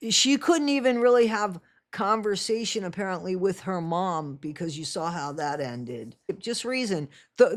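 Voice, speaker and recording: A woman hosting her own channel and giving blunt, sarcastic reaction commentary. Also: medium pitch. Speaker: channel host.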